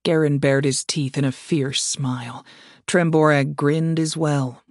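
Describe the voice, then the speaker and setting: A man reading fantasy fiction aloud as an audiobook narrator, in a measured, steady way. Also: fairly high pitch, no echo, clean studio sound.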